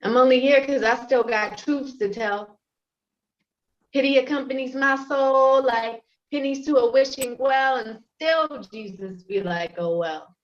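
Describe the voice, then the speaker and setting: A woman performing spoken word poetry over a video call, with a measured, rhythmic delivery. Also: high-pitched. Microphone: video call with choppy connection. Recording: dull lo-fi call audio.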